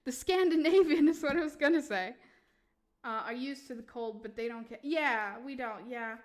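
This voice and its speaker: High-voiced, giggly woman streamer. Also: moderate pace. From Sweden. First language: Swedish. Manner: giggly, animated, talks back to chat. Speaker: streamer giving tarot readings. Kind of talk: casual live-stream chat.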